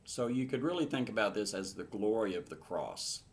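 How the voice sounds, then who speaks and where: A man's voice: fairly low pitch, lively intonation, normal speed. A man teaching verse by verse through a Bible passage in an earnest manner, rising to emphatic bursts.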